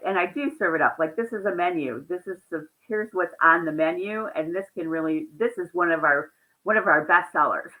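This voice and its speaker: A woman counselor, a guest in an interview, telling animated stories about her clients, often laughing and quoting their words. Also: on the low side, low-quality recording. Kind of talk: conversational interview storytelling.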